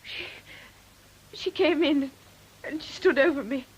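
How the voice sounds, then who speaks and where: An actress playing an earnest young governess in a 1950s television drama, polite and restrained, trembling when upset. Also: female voice, sits high, unhurried, poor audio. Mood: frightened.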